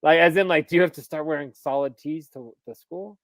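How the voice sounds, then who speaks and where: A man's voice: a little high, a little fast, fairly bright tone, no room sound, clean studio sound. A man in his thirties, a podcast co-host, telling stories in a casual chat, laughing often and swearing freely.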